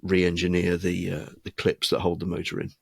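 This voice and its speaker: A man's voice: deep voice, completely flat delivery, moderate pace, gravelly, slightly rough, no room sound. A man co-hosting a podcast, telling a rambling story with a dry, self-amused tone. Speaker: podcast co-host. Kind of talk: casual chat.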